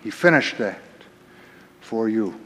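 Slow-preaching man in a reverberant hall. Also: on the low side, animated. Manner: emphatic preaching, swings between soft and loud. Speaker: pastor. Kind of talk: sermon.

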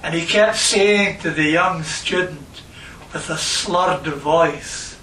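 Slow emphatic preacher man, echoey distant sound. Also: a little high, pushed and bright, slight background noise. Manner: slow, emphatic, repeats phrases for stress. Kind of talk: sermon with scripture reading.

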